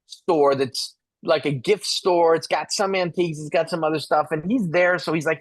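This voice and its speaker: Middle-aged man telling a lively story. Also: fairly high pitch, normal speed. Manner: animated, acts out dialogue. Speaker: expert speaker. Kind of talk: storytelling talk.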